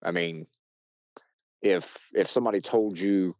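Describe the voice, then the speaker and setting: An American man, a podcast guest, telling a story casually with many restarts and fillers, shouting loudly when he acts out quotes. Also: low-pitched, moderate pace, no echo, lo-fi sound. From United States. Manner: rambling, with frequent restarts and fillers.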